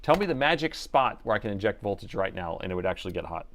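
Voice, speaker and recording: Narrating his repair steps and joking with chat, a middle-aged laptop repair livestream host works through soldering and testing. He talks fast in a lowish, sing-song, slightly bright voice, with a little hiss or hum in the audio.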